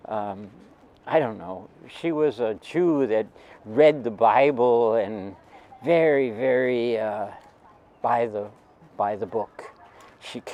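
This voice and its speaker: An older man recalling a teenage memory, talking in a halting, rambling way with many restarts. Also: fairly high pitch, darkish tone, poor audio. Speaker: storyteller. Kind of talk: personal anecdote.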